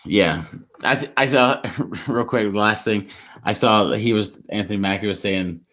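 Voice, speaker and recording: A man co-hosting a casual podcast, retelling stories in a rambling, animated way with lots of restarts. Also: fairly low pitch, unhurried. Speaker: podcast co-host. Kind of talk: casual chat.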